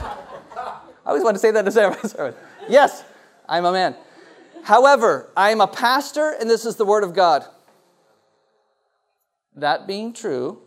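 A male pastor preaching a sermon to a congregation and putting questions to them. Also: high voice. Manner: animated, asks the congregation questions. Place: church hall before a congregation.

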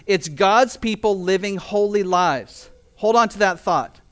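A male pastor delivers a sermon in a fairly high voice. He reads scripture and presses his points with earnest emphasis and rhetorical questions. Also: measured pace, fairly bright tone, smooth. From Canada.

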